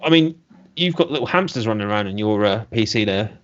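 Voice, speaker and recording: A man's voice: on the low side, fast, crowd noise. A man on a podcast who tells stories with plenty of life and a voice that swings up and down a lot. He chats casually with his co-hosts. The audio is dull and lo-fi. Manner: animated storyteller who acts out customers. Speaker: co-host and vape shop worker.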